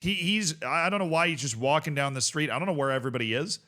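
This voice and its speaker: A young man hosting a casual video reaction show, talking in an animated, rambling way with swearing and bursts of laughter. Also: a little high, quick pace. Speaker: host.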